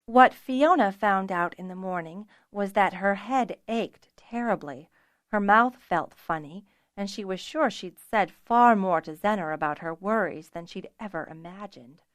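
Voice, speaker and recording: A woman narrating a fantasy audiobook in an even, measured storytelling voice. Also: medium pitch, no echo, studio quality.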